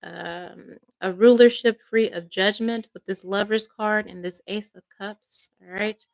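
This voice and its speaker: A woman's voice: mid-range voice, steady tone, a little slow, vocal fry. A woman doing a tarot card reading as a psychic, emotional and emphatic, checking in with "all right?" and "okay?" again and again. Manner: emotional, fervent.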